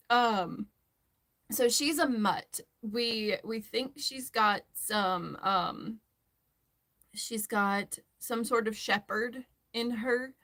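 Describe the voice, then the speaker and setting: A woman's voice: fairly high pitch, very slow, pauses often, a bit bright. A woman hosting a crochet tutorial, chatting casually and rambling as she works, laughing often. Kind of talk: casual chat while crocheting.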